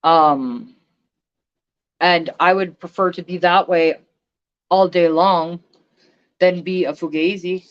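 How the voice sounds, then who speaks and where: A woman's voice: fairly low pitch, steady tone, slow, long pauses. Woman ranting on her stream, blunt, swears a lot, kinda muffled audio. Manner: blunt, profane, emphatic. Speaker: vlogger. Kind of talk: casual livestream rant.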